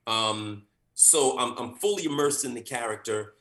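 A man, an actor, telling an animated story about an audition and acting out the people in it. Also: medium pitch, moderate pace, reverberant. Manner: animated, acts out quotes with big voice swings.

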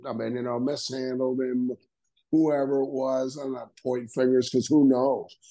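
An older man talks as a podcast guest, spinning casual stories and slipping into the voices of the people he quotes. He laughs often and keeps a steady, mid-range pitch. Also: normal speed, low-quality recording. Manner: animated storyteller acting out quoted dialogue, laughing often. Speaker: guest, retired wrestler. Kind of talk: casual storytelling interview.

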